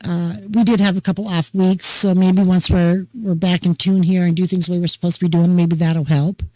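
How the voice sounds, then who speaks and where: An older woman hosting a casual talk show, chatting in a folksy, unhurried storytelling way. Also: fairly low pitch, little pitch movement, warm tone, dry recording, low-quality recording. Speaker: host. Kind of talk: casual chat.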